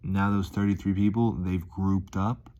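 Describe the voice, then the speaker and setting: A man's voice: deep voice, little pitch movement, measured pace, dark tone, dull audio. A man talking casually to his viewers in a rambling, playful, enthusiastic vlog monologue, chuckling as he goes. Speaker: vlogger. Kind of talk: casual upbeat monologue to camera.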